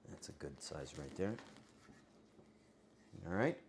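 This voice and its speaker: A livestreamer with a voice going hoarse, joking crudely with chat and bursting into yelling. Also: low voice, sing-song, takes it slowly, slight background noise. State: voice getting hoarse. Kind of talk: casual livestream chat with viewers.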